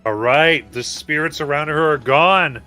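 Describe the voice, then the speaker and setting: A man's voice: a little high, measured pace, pushed and bright, faint music behind. A man acting as game master, calling for saves and narrating turns in a tabletop game.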